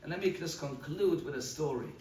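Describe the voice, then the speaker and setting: A man's voice: a little high, a little fast, darkish tone. A man, a rabbi delivering a eulogy sermon, earnest and storytelling, often repeating a word as he searches for the next phrase. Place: large study hall. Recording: roomy hall audio from a distance, faint noise.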